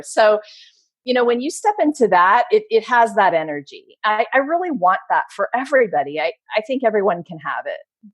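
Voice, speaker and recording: A woman's voice: medium pitch, very animated, a little fast, dry recording. A middle-aged woman, a podcast guest, speaking passionately and motivationally in casual conversation. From Maryland, USA. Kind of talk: casual interview chat.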